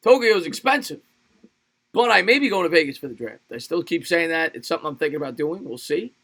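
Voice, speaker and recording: An energetic man calls a football game play by play for his livestream audience, stopping to answer viewer comments. His voice is bright and forward and sits a bit high, and he laughs easily between calls. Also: fast talker. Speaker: livestream sports play-by-play host. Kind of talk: play-by-play commentary mixed with live chat replies.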